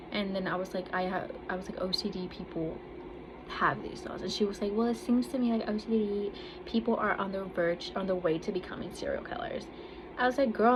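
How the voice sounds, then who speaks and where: Young woman, casual confessional vlogger, blunt and profane, hiss of background noise behind her. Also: mid-range voice. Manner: candid, swears freely, quotes others in animated voices. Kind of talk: casual personal storytelling. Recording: noisy background.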